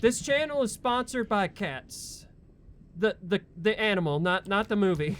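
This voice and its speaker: A man with a voice that sits high speaks at a measured pace as he plays a horror game for a let's play. Against the loud game soundtrack, he comments live, startles easily, and swears and yelps at the frights.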